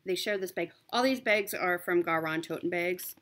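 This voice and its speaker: In a lowish, slightly bright voice at a moderate pace, a cross stitch vlogger shows off her work in casual conversation. She's upbeat and talkative, frequently pausing with um and revising what she just said.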